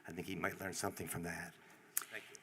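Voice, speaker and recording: A man addresses a city council from the podium in a dry, wry storytelling manner. His voice sits on the low side and stays calm and conversational. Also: fast talker, breathy edge. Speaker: public commenter. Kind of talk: public comment at a council meeting.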